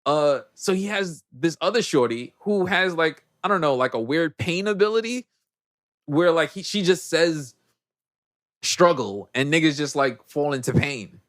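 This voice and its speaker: Young male podcast host, slightly high voice with lots of swing, animated casual movie recap. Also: unhurried. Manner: animated storytelling, acting out characters, laughing.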